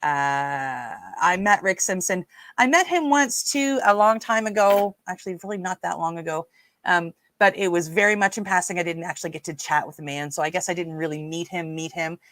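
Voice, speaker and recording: Hosting a relaxed livestream, this Newfoundland-accented woman talks with viewers and reads out their comments, filling her speech with lots of fillers. Her pitch is fairly low and her tone fairly bright, at a moderate pace with no echo.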